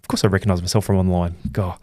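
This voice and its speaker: Low, excitable Australian boxing vlogger. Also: male voice, rapid-fire, dry recording, clean studio sound. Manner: excitable, rambling, self-deprecating. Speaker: boxing channel host. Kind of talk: casual storytelling recap.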